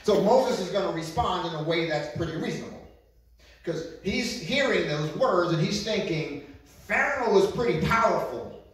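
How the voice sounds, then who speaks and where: A man's voice: sits high, expressive, moderate pace. A man preaching as a pastor, talking to his listeners and asking them questions, recorded alone with a camera. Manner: conversational, repeats himself, asks the listeners questions. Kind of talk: sermon. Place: large echoey room, alone with a camera. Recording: very echoey room, mic at a distance.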